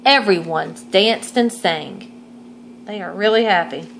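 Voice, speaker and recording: A woman's voice: mid-range voice, measured pace, creaky, a little hiss or hum, poor audio. Woman reading a bedtime picture book. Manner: gentle asides to young listeners. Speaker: storytime reader.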